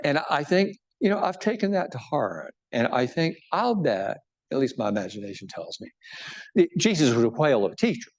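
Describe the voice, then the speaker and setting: Mid-range in pitch and moderate in pace, a middle-aged bishop talks about his book to an audience taking questions. His conversational, animated delivery is full of restarts and "right?" check-ins.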